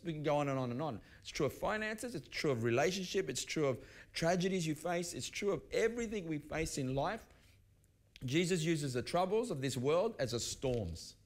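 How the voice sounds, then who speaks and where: A middle-aged man preaching a sermon, conversational, often restarting his sentences as he tells personal stories. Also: mid-range voice. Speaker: pastor. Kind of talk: sermon teaching.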